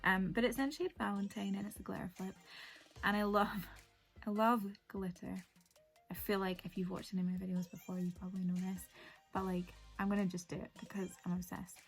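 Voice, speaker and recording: A woman's voice: medium pitch, level tone, a little fast, creaky. Young woman, beauty vlogger, chatty and rambling, faint music behind. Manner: chatty, rambling, lots of "like" fillers. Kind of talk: casual make-up tutorial chat.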